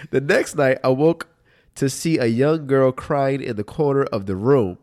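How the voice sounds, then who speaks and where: A man's voice: mid-range voice, unhurried, a little mellow. A man co-hosting a casual faith podcast, a little stuffy from a sinus problem, chuckling as he talks. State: a bit stuffy from sinus trouble. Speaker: podcast co-host.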